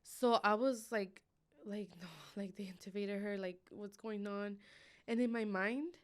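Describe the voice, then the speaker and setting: A woman's voice: medium pitch, fairly even intonation, measured pace. Woman guest, mid-range voice, emotional personal storytelling, casual fillers. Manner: emotional, filler-heavy retelling. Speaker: podcast guest.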